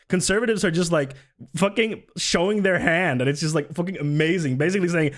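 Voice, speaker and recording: A young man on a live stream, riffing on politics in a casual, sarcastic way. He swears freely, laughs at his own jokes and reads viewers' messages aloud. His voice sits a little on the higher side. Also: quick pace.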